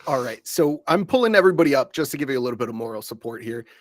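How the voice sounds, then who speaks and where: A man co-hosting a livestream over a video call, talking in a relaxed, supportive way with many fillers. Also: mid-range voice, racing, dry recording, studio quality. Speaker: co-host.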